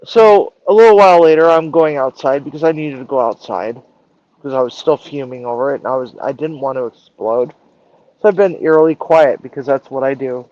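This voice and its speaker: A woman's voice: a bass voice, brisk, warm tone, no echo, dull audio. A woman chef telling a story in a casual live stream, acting out the dialogue and swearing freely. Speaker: chef and culinary director.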